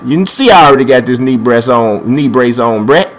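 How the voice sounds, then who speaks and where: A man's voice: mid-range voice, expressive, fairly quick. A young man giving panicky, trash-talking commentary while playing a wrestling video game, with speech. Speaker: gameplay commentator. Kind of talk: excited let's-play commentary.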